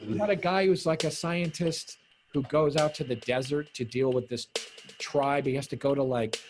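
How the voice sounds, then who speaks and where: A man in casual conversation, telling stories animatedly and acting out the people he quotes. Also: mid-range voice. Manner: animated storyteller, acts out quoted voices. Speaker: co-host. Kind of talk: casual conversation over video call. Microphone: phone or video call. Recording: video call audio with music behind.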